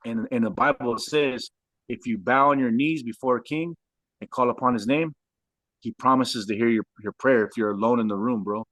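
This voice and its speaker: A man from Southern California tells his life story in casual, animated speech, dropping "bro" every few words. His voice sits at an ordinary middle pitch. The recording is dry and close, with no room sound. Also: a little fast, dry recording. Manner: animated, says "bro" constantly. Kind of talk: casual storytelling with street slang.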